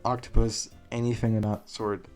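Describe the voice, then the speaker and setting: A man's voice: on the low side, little pitch movement, normal speed, darkish tone, soft background music. A young man giving rambling, casual commentary on a game he is playing, swearing freely and laughing at his own jokes. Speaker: let's play gamer.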